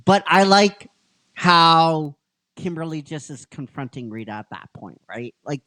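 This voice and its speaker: Casting: unhurried male host, rambling recap, lively pitch, lots of fillers. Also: no echo. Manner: rambling, filler-heavy, keeps asking "right?". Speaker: podcast host and episode writer. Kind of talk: casual chat recapping a story.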